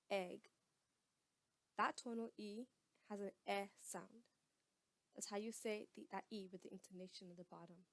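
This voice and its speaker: A woman teaching a casual spoken language lesson, patiently repeating each word slowly for learners. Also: medium pitch, no room sound.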